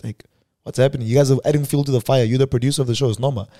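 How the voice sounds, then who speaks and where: A young man from South Africa hosting a podcast, telling stories in a casual chat and dropping low when upset. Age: 20s. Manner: fast, animated storytelling, drops to low muttering when upset. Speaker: podcast host.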